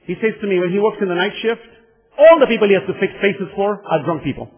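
A man with a high voice delivers an impassioned sermon, repeating himself for emphasis and calling out to his listeners. The sound is dull and lo-fi, with a long reverb trailing off through a large hall. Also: fast talker, husky. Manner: impassioned, repetitive, addresses the congregation directly. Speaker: preacher.

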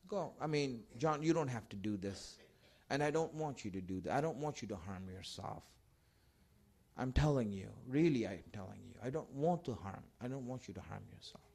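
A man voicing a gentle pleading holy leader. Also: medium pitch, animated, moderate pace, gravelly. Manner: tender, repeating his pleas. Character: gentle, loving male religious leader pleading.

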